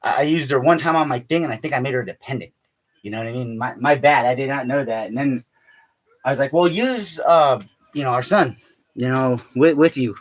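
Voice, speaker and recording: A man's voice: mid-range voice, fairly quick. A man rambling casually in a vlog, swearing a lot, tacking "man" onto his lines and laughing often. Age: adult with a child. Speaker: vlogger.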